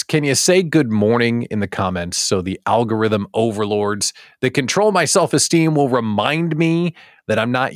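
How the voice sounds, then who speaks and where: A middle-aged man hosting a live stream, playful and chatty, speaking straight to his viewers. His pitch swings widely from phrase to phrase, and the sound is close and dry with no room echo. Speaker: host of a daily live small business show. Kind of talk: upbeat live-stream talk.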